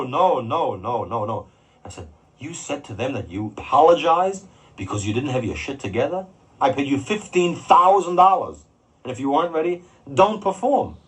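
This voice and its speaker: Fields: Sex: man. Quality: husky, animated. Role: concert promoter telling a profane anecdote. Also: medium pitch, rough recording. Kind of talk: recorded anecdote.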